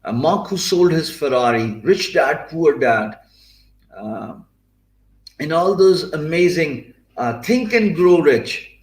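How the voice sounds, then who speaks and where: A man with a Pakistani English accent gives an earnest motivational talk in a somewhat raised voice. His speech is full of fillers and restarts, and the room around him sounds echoey. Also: a little high. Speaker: freelancer.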